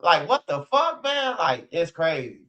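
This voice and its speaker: A man's voice: a little high, big pitch swings, a little slow, bright, forceful tone, dull audio. A man ranting bluntly in casual street slang, repeating himself and swearing often. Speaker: streamer.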